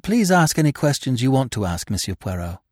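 A man's voice: mid-range voice, very animated, a little fast, darkish tone, dry recording, studio quality, voice pushed up. A man voicing a nervous, impulsive young aristocrat of twenty-two who sounds under strain.

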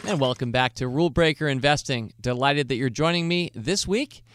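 An American man hosts his investing podcast, answering listener questions in a relaxed solo format. His medium-pitched, slightly bright voice moves a little fast, and he's upbeat and conversational, laughing lightly now and then. There's a bit of background noise.

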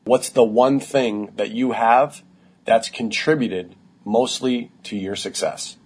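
A man's voice: medium pitch, slow, slightly rough. A man hosting a podcast interview, upbeat and encouraging as he sums up his guest's points. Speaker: podcast host.

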